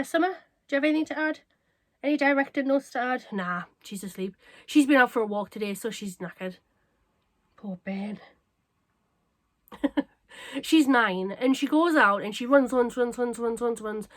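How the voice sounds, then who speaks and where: A woman chatting casually to camera as a craft vlogger, bubbly and self-mocking, her voice a little croaky. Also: on the high side. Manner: bubbly, excitable and self-deprecating. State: slightly croaky.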